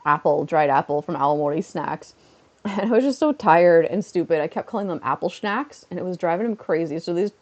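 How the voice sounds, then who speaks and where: A woman's voice: on the low side, lively intonation, fairly quick, lo-fi sound. A woman chatting casually on a home stream, giggling at her own jokes. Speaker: live streamer and teacher.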